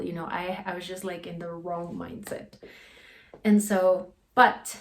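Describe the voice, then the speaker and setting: A woman's voice: on the low side, flat delivery, unhurried. A young adult woman telling a personal story in a casual, rambling way, full of "like" and "you know". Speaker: guest sharing a personal story.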